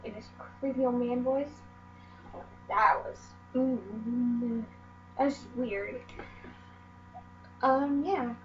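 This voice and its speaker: A woman's voice: on the high side, very slow, pauses often. A teenage girl vlogger telling stories from her life in a rambling, meandering way, full of "like" and "um". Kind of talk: casual storytelling vlog. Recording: dull lo-fi audio with faint mains hum.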